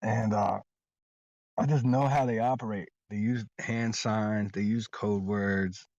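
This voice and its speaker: An interview guest, a man with a lowish, darkish voice, tells his story in loose, casual talk, rambling and insistent and stumbling over repeated words. He speaks slowly in a steady tone. The audio is dull and lo-fi with a dry, close sound and no echo.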